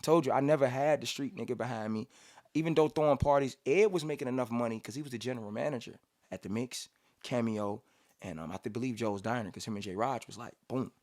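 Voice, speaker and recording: Rapper guy from cincinnati telling stories in a studio, acts out quotes, hums beats, regular pitch. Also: quick pace, darkish tone. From Cincinnati, USA. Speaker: rapper guest. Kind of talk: casual storytelling interview.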